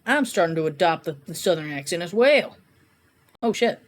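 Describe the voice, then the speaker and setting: A woman's voice: lowish voice, lively intonation, moderate pace, slight background noise. A woman streaming a game, giggling and musing aloud as she reads. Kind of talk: gameplay commentary. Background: game music.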